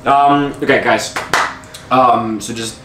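A man running a tabletop game as game master, narrating haltingly with restarts and laughs. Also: mid-range voice, steady tone, echoey room, background noise.

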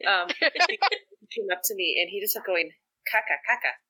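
A young mother chats casually, her voice bright and forward. She rambles through her stories with many fillers along the way. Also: medium pitch, big pitch swings, moderate pace, breathy edge, low-quality recording. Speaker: mother of a toddler. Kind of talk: casual chat.

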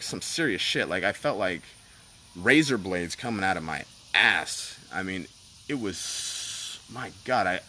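A man tells a personal story in a loose, rambling way, full of fillers and swearing. His voice sits fairly low but swings widely, bright and forceful. Faint outdoor insect noise hums in the background. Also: poor audio. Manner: animated, profane, rambling with many fillers.

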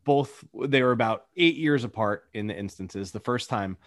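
A man's voice: medium pitch, moderate pace, dry recording, studio quality. A young man in casual chat as a podcast co-host, telling stories animatedly and acting out quotes. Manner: animated storyteller, acts out quotes.

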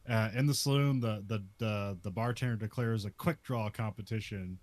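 A man's voice: on the low side, normal speed, a little mellow. A man casually recapping a western movie scene by scene, laughing often and filling his talk with "like". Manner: laughs often, many "like" fillers.

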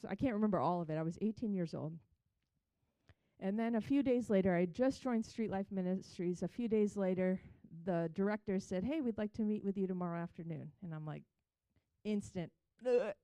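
A woman's voice: mid-range voice, warm tone, no echo, low-quality recording. A woman sharing a candid personal testimony, telling her story with frequent restarts and acting out the quotes.

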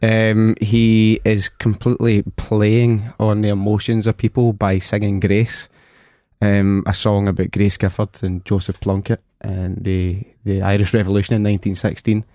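A man's voice: fairly low pitch, flat delivery, normal speed, a little mellow, no room sound, clean studio sound. A man with a Scottish accent, a podcast guest in casual chat, telling blunt, sweary stories.

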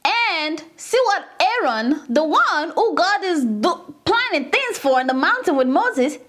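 A woman leading a casual Bible study, retelling scripture with animated, indignant asides. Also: very high-pitched, unhurried.

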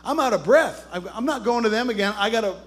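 A man's voice: high-pitched, lively intonation, fast, a bit bright. A man voicing the devil as a weary male figure, breathless and complaining about being chased.

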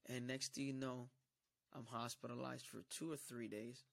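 A man with a gravelly voice gives a personal testimony in church. He tells it emphatically and acts out what others said to him. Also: medium pitch, flat delivery, normal speed. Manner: emphatic storytelling, acting out quoted dialogue. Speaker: church member giving a testimony.

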